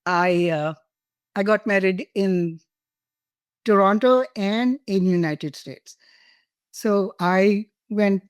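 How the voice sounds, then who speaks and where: A woman's voice: medium pitch, takes it slowly, pauses often, clear, resonant tone, no echo, clean studio sound. An older woman from India, a guest telling personal stories in an interview, laughing and emotional at times. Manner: warm, laughing, emotional storytelling.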